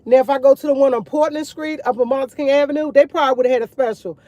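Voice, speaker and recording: A woman's voice: high voice, fast talker, warm tone, dry recording, muffled recording. A woman chatting casually to her viewers over morning coffee, rambling and repeating herself as she tells stories. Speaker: vlogger.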